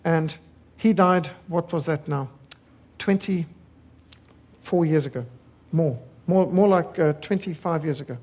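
A man's voice: on the high side, takes it slowly, pauses often, a little mellow, breathy edge, highs cut off. A middle-aged man from South Africa preaching a sermon, fiery and emphatic, building rhythmic lists of words.

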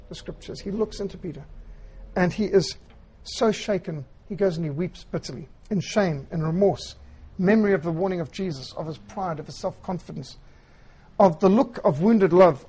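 A man preaching a sermon, retelling scripture in an earnest storytelling way with quiet, emphatic phrasing. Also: high voice, husky, low-quality recording.

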